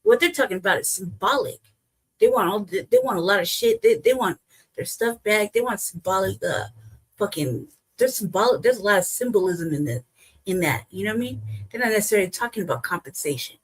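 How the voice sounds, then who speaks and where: Heated, husky-voiced woman ranting. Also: medium pitch, big pitch swings, fairly quick, low-quality recording. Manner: heated, profane, emphatic ranting. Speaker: host. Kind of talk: reaction commentary.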